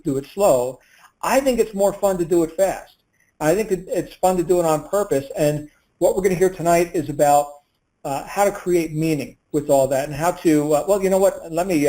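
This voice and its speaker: A man's voice: a little high, warm tone, low-quality recording. A man hosting a group coaching call and introducing a guest, talking with many fillers and restarts.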